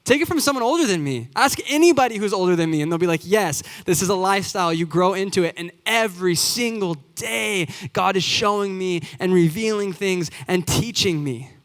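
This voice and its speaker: A man's voice: high-pitched, animated, brisk, few pauses, a bit bright. A man in his twenties, a youth pastor preaching a sermon in earnest, building to emphatic repeated phrases. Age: 20s. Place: church sanctuary. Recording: long hall reverb.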